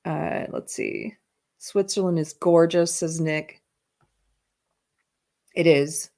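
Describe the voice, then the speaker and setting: A chatty woman hosts a live stream, rambling through stories and answering comments from her chat. Her voice sits low for a woman, and she laughs easily as she talks. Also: fairly even intonation, takes it slowly, gravelly, darkish tone. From South Carolina, USA. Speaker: livestream host. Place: indoors while traveling. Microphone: headphones in, computer mic.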